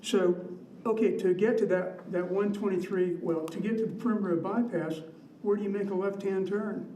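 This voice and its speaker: A man's voice: sits high, fairly even intonation, moderate pace, dark tone. A man giving public comment at a city meeting, rambling and repeating himself with many fillers. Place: council meeting room. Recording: echoey room, distant mic, faint noise.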